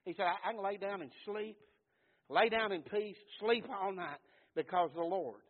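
Preacher man, husky voice, goes from a whisper to a shout, sounds like it's over a phone line. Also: sits high, moderate pace. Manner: fervent, swings from hushed to shouting. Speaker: pastor. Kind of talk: sermon.

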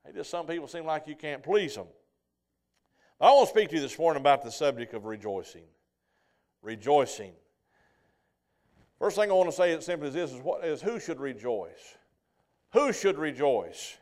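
Brief: high-pitched male pastor, folksy sermon storyteller. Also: fairly quick. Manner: folksy storytelling, asks the congregation "Amen?".

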